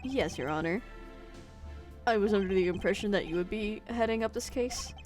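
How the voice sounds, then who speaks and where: A woman voicing a smooth, self-assured male defense attorney with calm, polished delivery. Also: mid-range voice, moderate pace, faint music behind, lightly acted.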